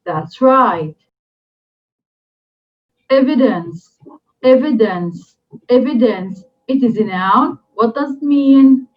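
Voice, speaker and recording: A woman teacher whose first language is Arabic works through an English lesson at a very slow, careful pace, drilling each new word three times. Her voice sits a little high. The recording sounds dull and lo-fi. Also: animated.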